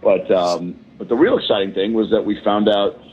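A hungover male comedian talks from a balcony over a muffled, lo-fi call line. His voice sits low, and he rambles through jokes with plenty of "uh"s and "um"s. The sound is dull and narrow. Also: steady tone, moderate pace, slightly rough. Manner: joking, rambling, lots of fillers. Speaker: comedian guest calling in. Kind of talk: casual chat on a call. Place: hotel balcony abroad.

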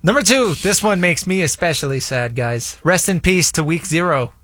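A man's voice: on the high side, animated, moderate pace, fairly bright tone, no room sound, studio quality. A man co-hosting a sports talk show, reading headlines matter-of-factly.

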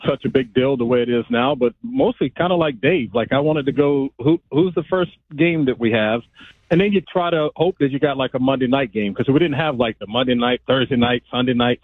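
A man's voice: mid-range voice, no room sound. A man, a former pro football player and analyst, calling in and telling stories in a laid-back way. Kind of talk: casual phone-in interview. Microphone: phone line. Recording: tinny phone line.

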